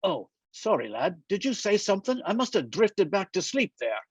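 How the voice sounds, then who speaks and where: A man reading a novel aloud and voicing a dry, teasing older man with a gruff, droll manner. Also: sits high, sing-song, moderate pace, no room sound, heavily acted. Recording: dull, muffled dry sound.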